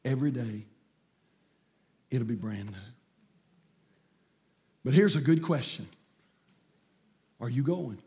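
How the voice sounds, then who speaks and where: A middle-aged man, preaching a sermon in a church sanctuary with folksy storytelling that builds to shouting. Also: mid-range voice, lively intonation, slow, long pauses. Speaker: pastor.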